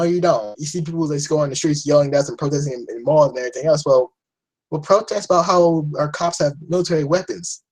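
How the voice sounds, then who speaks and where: A man's voice: fairly high pitch, darkish tone, husky, poor audio. A young man giving a rambling, blunt opinion rant to camera, swearing often and restarting his sentences. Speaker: vlogger.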